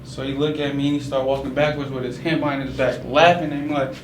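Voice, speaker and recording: A man's voice: mid-range voice, quick pace. Slangy young Bay man, echoey. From San Francisco Bay Area. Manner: casual slangy retelling, many fillers of "like", animated when quoting himself. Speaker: storyteller. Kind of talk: personal spoken storytelling. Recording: echoey room, mic far off, noisy background.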